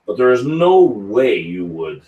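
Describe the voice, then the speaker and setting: A man's voice: lowish voice, big pitch swings, unhurried, recorded from a distance, phone-quality sound. A man hosting a casual live chat about whisky, reading out viewer comments as he goes. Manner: chatty, reads out viewer comments. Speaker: whisky channel host. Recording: roomy sound, set back from the mic.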